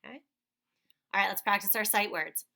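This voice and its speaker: A woman's voice: mid-range voice, brisk, vocal fry, sharp tone. A woman teacher giving a phonics lesson to young children, patiently sounding out words.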